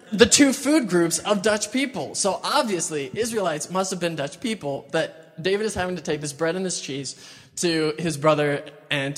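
A young man preaching in a chatty, casual way, retelling a Bible story and acting out the quotes. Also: a little high. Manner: chatty, uses "like" a lot, acts out quotes. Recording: long hall reverb.

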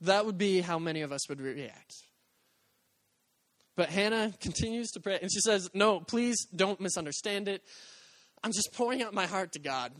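A man's voice: sits high, lively intonation, moderate pace, fairly bright tone, dry recording. A young adult male pastor preaching in an earnest, conversational way, acting out quoted voices as he goes. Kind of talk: sermon.

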